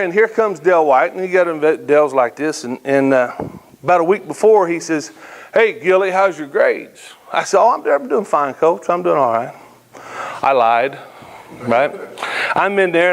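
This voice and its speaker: Middle-aged guy giving a pep talk, folksy storyteller, kinda high voice, keeps asking the crowd "right?". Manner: folksy, animated storyteller, addresses audience with "right?". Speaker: keynote speaker. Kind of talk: motivational speech with storytelling.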